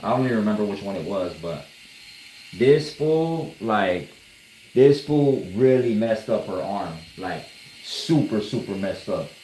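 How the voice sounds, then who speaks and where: A man's voice: lowish voice, lively intonation, a little slow, warm tone, echoey room, a little hiss or hum, poor audio. A man who is a tattoo artist, telling stories on a livestream in a laid-back, slangy, swearing way. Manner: laid-back, slangy, swearing, laughing at his own story. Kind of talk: casual livestream storytelling. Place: tattoo studio during a live session.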